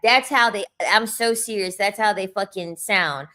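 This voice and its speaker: A woman's voice: medium pitch, a little slow, hardly any pauses, bright, forceful tone. A young woman vlogging a blunt, profane, mocking rant to the camera. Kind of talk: ranting commentary.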